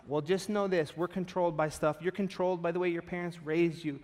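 Casting: male pastor, lively sermon delivery, voice a little on the high side, acts out story voices. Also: a little fast, hardly any pauses.

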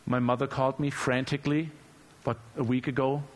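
A male preacher delivering a relaxed, humorous sermon who often repeats words as he speaks off the cuff. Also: medium pitch, fairly quick. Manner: conversational and humorous, repeats words while searching.

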